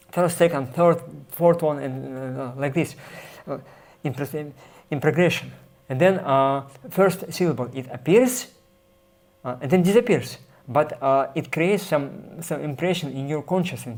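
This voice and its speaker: Man teaching scripture, halting. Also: mid-range voice, a little mellow. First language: Russian. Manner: halting, many fillers and restarts, reads passages aloud then explains. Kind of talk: explanatory scripture class.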